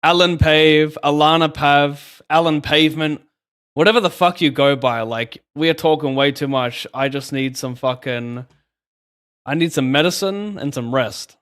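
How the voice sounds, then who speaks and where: A man voicing a worn-out male chat voice bot with a hoarse cold, complaining that he talks too much. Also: fairly high pitch, moderate pace, fairly bright tone, natural voice. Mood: fed up. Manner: complaining, exasperated.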